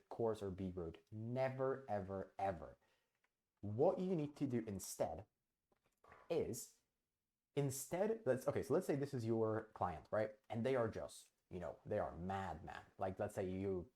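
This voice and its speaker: A man's voice: fairly low pitch, warm tone. Blunt, swearing man giving business advice. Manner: blunt and emphatic, swears freely, repeats himself for stress; acts out client dialogue as he explains. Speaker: host. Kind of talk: direct-to-camera business advice.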